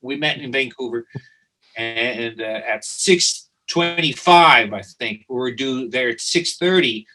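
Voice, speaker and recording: A man's voice: medium pitch, animated, a little slow, poor audio. A man from Italy speaking English, telling stories animatedly in a casual interview, often restarting and repeating words. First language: Italian. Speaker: guest, company founder.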